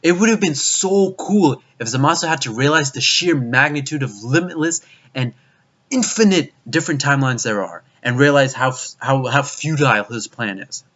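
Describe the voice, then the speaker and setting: A man's voice: medium pitch, moderate pace, fairly bright tone. A young man delivering a profane, exasperated video review rant, with frequent restarts. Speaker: anime reviewer. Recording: dull lo-fi recording.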